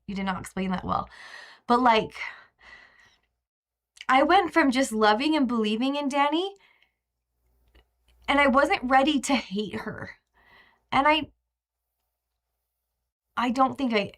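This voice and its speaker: A woman's voice: fairly high pitch, fairly bright tone. A young woman hosting a live stream, chatting casually and emotionally with many fillers and restarts.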